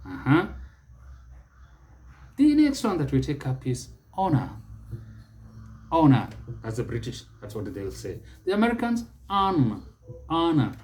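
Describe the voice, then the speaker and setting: A man with a Kenyan accent teaching English pronunciation, speaking deliberately and repeating each word for emphasis. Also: mid-range voice, darkish tone.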